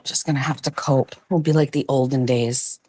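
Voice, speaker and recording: A woman in her forties chatting casually to camera, slipping into a high cooing voice for her dogs. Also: steady tone, normal speed, mellow, husky. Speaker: vlogger. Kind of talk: casual vlog chat.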